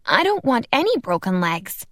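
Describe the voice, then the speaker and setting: A woman's voice: on the high side, very animated, normal speed, no room sound, studio quality, pitched above the performer's own voice. A woman voicing a small, earnest little boy with a slightly smug manner in an audiobook. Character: small eager boy who can teleport. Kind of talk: audiobook character voice.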